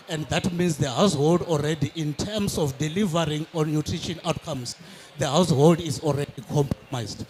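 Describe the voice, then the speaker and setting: A man's voice: on the high side, noisy background. A man speaking earnestly as a panelist, advocating with emphasis. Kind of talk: conference panel talk.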